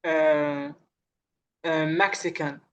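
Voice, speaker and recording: A man's voice: a little high, fairly even intonation, extremely slow, a bit bright, muffled recording. A male student answering his tutor hesitantly, often starting with uh.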